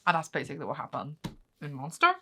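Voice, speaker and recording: A woman's voice: low voice, fast, bright, forceful tone, a little hiss or hum. A young woman casually recapping manga chapters at home on her vlog, rambling with lots of fillers. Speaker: manga reading vlogger.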